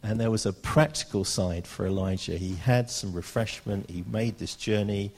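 A British man preaching a sermon, reading scripture aloud and slowing down for emphasis. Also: on the low side, steady tone, darkish tone. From Britain. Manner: earnest, slows down for emphasis, reads scripture aloud.

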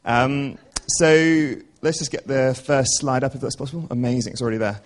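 A man's voice: medium pitch, fairly even intonation, moderate pace. A young man preaching a casual, earnest church sermon, with many ums and restarts.

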